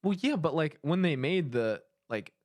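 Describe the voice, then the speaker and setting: A young man co-hosting a comedy podcast, bantering in an animated, stammering, playful way. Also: fairly high pitch, moderate pace.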